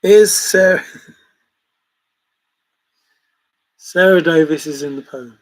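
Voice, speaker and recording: A man's voice: on the high side, very slow, low-quality recording. A man hosting a livestream, chatting casually in a rambling way and chuckling as he reacts to viewers' comments. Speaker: livestream host reading chat. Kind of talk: casual chat.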